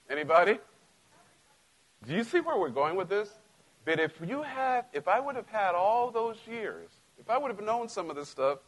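Latino pastor preaching with loud-soft swings. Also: male voice, high voice, poor audio. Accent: Latino American English. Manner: conversational, joking with congregation, swings from quiet asides to loud emphasis. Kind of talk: sermon.

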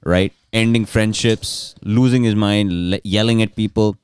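Low-voiced man telling a rambling story. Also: fairly even intonation, a little slow, darkish tone, clean tone, no room sound, clean studio sound. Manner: rambling, restarts, crude jokes. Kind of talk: casual storytelling chat.

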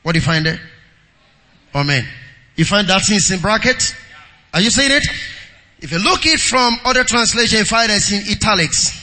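Man preaching, bright high voice, calls out to the congregation, swings from quiet to shouted, long hall reverb. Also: lively intonation, normal speed, long pauses. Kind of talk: sermon with scripture reading.

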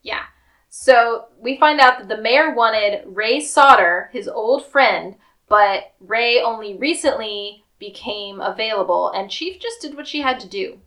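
A woman co-hosting a podcast, casually recapping a TV episode and acting out quick quotes. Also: a little high, fairly bright tone. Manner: retells scenes with quick acted quotes and laughs. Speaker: podcast co-host.

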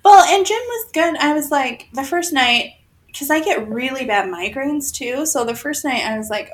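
Chatty woman with a slightly high voice. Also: animated, normal speed, poor audio. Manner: laughs often, chatty and self-deprecating. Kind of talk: casual chat. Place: bedroom, sitting on the floor. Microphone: desk microphone.

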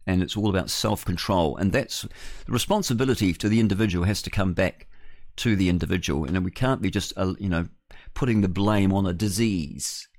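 A man's voice: low voice, brisk, no room sound. A man hosting a talk radio show, blunt and scoffing, rambling through fillers. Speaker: radio host. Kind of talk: opinionated talk radio monologue.

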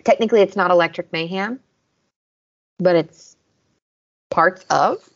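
Speaking low and at a measured pace, this young co-host from the American South has a Southern accent and chats casually while reviewing episodes. Her recaps are chatty, packed with quoted lines and frequent "like". The podcast recording is lo-fi and a bit dull.

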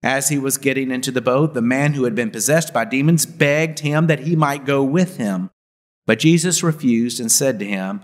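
A man, a pastor, reading scripture and preaching in a measured, deliberate way in a church. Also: medium pitch, big-room sound. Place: church sanctuary.

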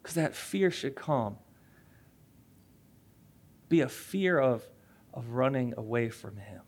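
A man's voice: mid-range voice, animated, takes it slowly. A male pastor in his thirties preaching a sermon in a conversational way, telling a family story and acting out little voices along the way.

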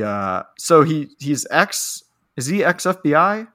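A man's voice: medium pitch, big pitch swings, slow pace, a bit bright. A man co-hosting a casual movie-review chat, profane and rambling, with lots of fillers and frequent laughs. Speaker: podcast co-host.

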